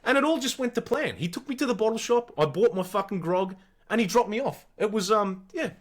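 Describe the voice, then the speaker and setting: Brief: Australian male podcast host, 40s, animated and foul-mouthed, higher than usual. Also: fairly quick. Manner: animated, swears freely. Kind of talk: casual storytelling chat.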